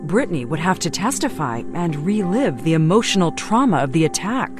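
A woman correspondent giving measured, dramatic scripted documentary narration. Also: lowish voice, big pitch swings. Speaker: TV news correspondent. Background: music underscore.

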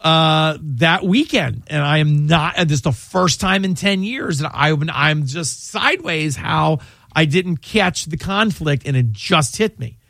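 Chatty male radio host, slightly high voice. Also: animated, measured pace, vocal fry, a bit bright, no echo, clean studio sound. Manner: chatty, rambling, self-interrupting. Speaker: radio show host and lawyer. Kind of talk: call-in legal advice radio talk.

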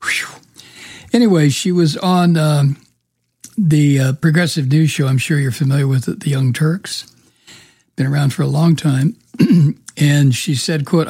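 A man hosting a political talk show, sardonic and rambling with many fillers, with a weak husky voice. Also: fairly high pitch, fairly even intonation, unhurried, darkish tone, dry recording, studio quality. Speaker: radio talk show host. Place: home studio in the mountains.

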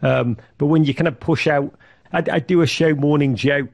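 A middle-aged man giving an animated interview, full of restarts and acted-out quotes. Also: a little high, moderate pace, gravelly. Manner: animated, acts out quoted voices, many restarts. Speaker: podcast network founder, guest. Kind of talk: conversational interview storytelling.

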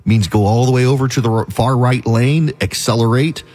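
A man hosting a talk radio show, delivering an opinionated monologue in a brisk, argumentative way and speaking straight to his listeners. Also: medium pitch, a little mellow.

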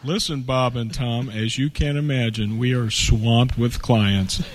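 Slow earnest man in a mock infomercial. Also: mid-range voice, fairly even intonation. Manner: earnest salesman delivery full of double entendres. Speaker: comedy sketch performer. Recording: noisy studio recording.

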